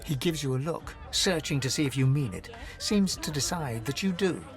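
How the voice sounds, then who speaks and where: A man narrating a video game in a wry storybook manner. His voice is fairly high and lively in pitch, with faint music underneath. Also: normal speed.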